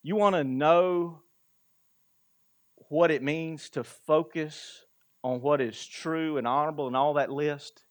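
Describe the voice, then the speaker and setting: A man's voice: a little high, fairly even intonation, takes it slowly. A male pastor giving a sermon in a conversational way, asking the congregation rhetorical questions and chuckling between points.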